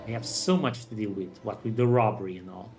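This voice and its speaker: A man's voice: on the low side, brisk, a little mellow, close to an everyday voice. Guy doing a prim fussy rich lady, all polite and flustered, faint music under it. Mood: genteel. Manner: prim, genteel.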